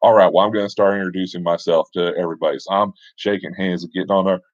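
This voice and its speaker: Deep-voiced guy rambling through a d&d story, chill, kinda muffled dry audio. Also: fast talker, no room sound. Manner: relaxed, conversational, with fillers and asides. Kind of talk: casual spoken storytelling.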